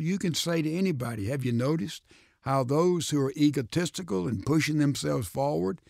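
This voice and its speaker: A pastor answering a question in a radio studio, explaining in a measured way. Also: male voice, medium pitch, creaky, a little mellow, dry recording.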